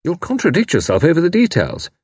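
A man's voice: a little high, huge pitch swings, quick pace, a little mellow, slightly rough, dry recording, pitched above the performer's own voice, heavily acted. A man reading an audiobook, voicing a grave, sceptical young man spy with a dry, gloomy manner.

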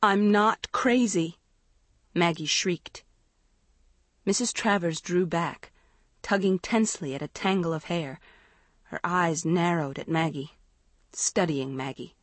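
A woman narrating a story in a measured, expressive reading. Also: lowish voice, no echo. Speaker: audiobook narrator. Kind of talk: scripted narration.

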